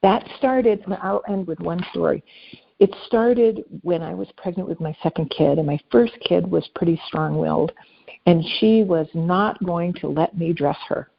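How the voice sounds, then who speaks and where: A woman guest telling personal stories in an earnest, conversational way, dropping softly at tender moments. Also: lowish voice, moderate pace, gravelly, slightly rough, highs cut off. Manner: earnest, anecdotal, speaks softly at emotional moments. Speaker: podcast guest. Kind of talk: conversational storytelling.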